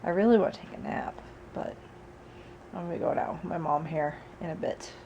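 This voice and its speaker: A woman's voice: deep voice, brisk, gravelly, whispered, muffled recording. Tired, chatty woman vlogging at home. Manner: rambling, chatty, with laughs and asides. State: sick and tired. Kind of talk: casual chat. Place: at home by a patio door.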